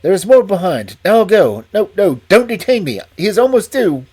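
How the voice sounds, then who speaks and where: A man's voice: sits high, big pitch swings, normal speed, darkish tone, slightly rough, voice pushed up, heavily acted. A man voicing a breathless, frantic estate manager. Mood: urgent. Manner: breathless, urgent, emphatic. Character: nervous, frightened thin male estate manager.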